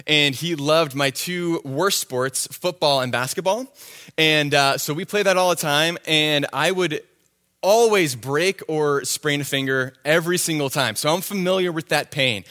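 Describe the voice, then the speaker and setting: A young man telling a self-deprecating story in a sermon, animated and quick with asides. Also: fairly high pitch. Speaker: youth pastor.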